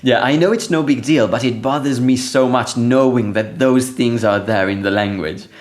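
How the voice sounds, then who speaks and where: A man's voice: medium pitch, moderate pace. A man talking as a podcast guest about programming, laughing often and restarting sentences with many fillers. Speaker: guest, programming language developer. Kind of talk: casual technical conversation.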